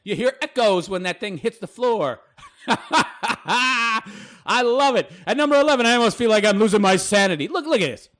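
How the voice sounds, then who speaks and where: A man's voice: high-pitched, expressive, moderate pace, a bit bright. Sneering, crude ranting male commentator. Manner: crude, sneering, mocking, swears heavily.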